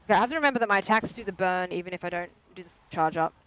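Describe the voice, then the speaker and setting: A game streamer who narrates every hit out loud, with pitch that leaps all over the place. They yelp and then talk themselves back down with self-mocking calm. A faint hiss of noise sits under the voice. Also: very fast. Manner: frantic self-talk with sudden yelps. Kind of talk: live gameplay commentary with chat.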